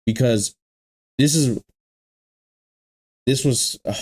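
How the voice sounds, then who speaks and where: Speaking slowly in a slightly mellow, mid-range voice, this young anime reaction host addresses his viewers directly. His exasperated rant is repetitive and thick with slang.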